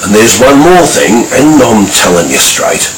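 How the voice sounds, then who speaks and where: A man's voice: mid-range voice, sing-song, a little slow, a crowd in the background. A man with an Australian accent reciting rhyming bush poetry in a rhythmic, sing-song way, full of slang. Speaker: bush poet. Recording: echoey, distant, noisy ambience.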